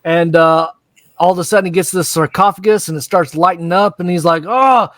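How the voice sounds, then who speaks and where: A man casually recapping a cartoon episode, excitable and profane, acting out the scenes in quick put-on voices. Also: a little high, no room sound. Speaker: podcast co-host.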